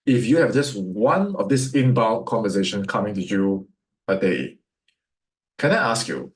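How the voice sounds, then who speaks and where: A man's voice: lowish voice, lively intonation, measured pace. A man with a Singaporean English accent, teaching sales as a coach, firing rhetorical questions at his listeners. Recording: echoey room.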